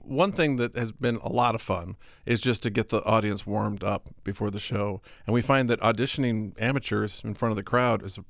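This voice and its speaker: A man's voice: on the low side, normal speed, gravelly, hardly any pauses, a bit bright. A man chatting casually as a podcast guest, jokey and upbeat. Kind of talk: casual chat.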